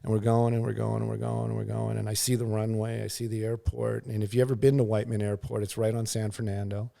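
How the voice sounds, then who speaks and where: A middle-aged news pilot appearing as a guest talks fast in a lowish, gravelly, dark-toned voice with little pitch movement. His casual, rambling story is full of fillers and restarts, and he acts out sounds and quotes.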